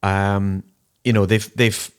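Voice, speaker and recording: A man co-hosting a rock podcast, joking and laughing loudly in casual chat. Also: fairly low pitch, takes it slowly, clean tone. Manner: jokey, animated, laughs loudly. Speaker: podcast co-host.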